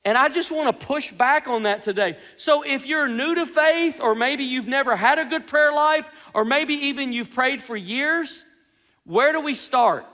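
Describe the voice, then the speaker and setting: A man's voice: very high-pitched, unhurried, bright, forceful tone. A man preaching a sermon in an earnest, emphatic way, repeating his key phrases. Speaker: pastor. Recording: long hall reverb.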